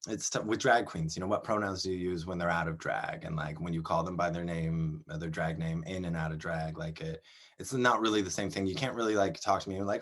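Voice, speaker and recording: A man in his thirties from Canada, a performer talking in a casual interview, chatty and animated, laughing often between his words. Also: deep voice. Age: 30s. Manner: chatty, animated, quick to laugh, many fillers.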